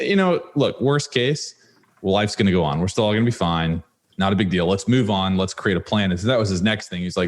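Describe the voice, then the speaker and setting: A young man hosting a podcast, telling a personal story in a relaxed, animated way. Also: low-pitched. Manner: animated storytelling with laughs and quoted exchanges. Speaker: podcast host. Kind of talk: casual interview chat.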